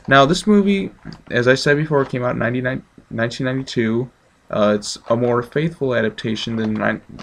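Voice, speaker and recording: A man's voice: medium pitch, creaky, a little hiss or hum. A man giving a casual, offhand movie review, chatty with many ums.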